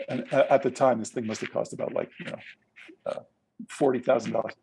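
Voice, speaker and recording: A man with a mellow, warm tone and a mid-range pitch, speaking as a guest in a casual interview. He explains ideas at length and moves easily into animated storytelling. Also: brisk, gravelly, pauses often, husky.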